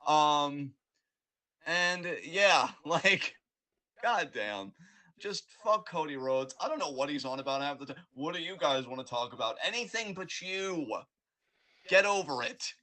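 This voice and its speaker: A man's voice: on the high side, animated, unhurried, bright, forceful tone. A man co-hosting a podcast, ranting in casual, profane, rambling chat. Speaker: podcast co-host.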